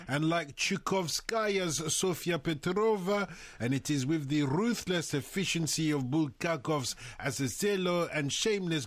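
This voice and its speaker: A radio host reading a listener's text aloud in a put-on Russian accent, slow and theatrical. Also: male voice, dry recording, natural voice. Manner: theatrical, slowed, higher-pitched delivery. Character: man faking a heavy Russian accent reading a fan's boastful text. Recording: radio studio broadcast.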